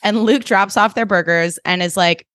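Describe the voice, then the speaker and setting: A woman's voice: medium pitch, a bit bright, no echo. Woman, young, podcast co-host, casual recap chat, dry close mic. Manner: chatty, acts out scenes in quick quoted voices.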